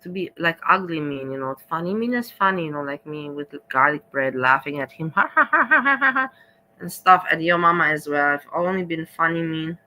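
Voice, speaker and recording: A woman hosting a livestream, reacting in casual chat, blunt and chatty with frequent swearing and halting restarts. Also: low voice, bright, forceful tone, low-quality recording. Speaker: livestream host.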